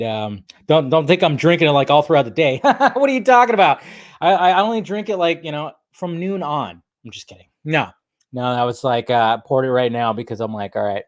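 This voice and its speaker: A man's voice: medium pitch, no room sound, clean studio sound. A young man hosting a casual live stream, chatting and greeting viewers by name, with a slight throaty cough. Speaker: livestream host. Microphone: desk microphone.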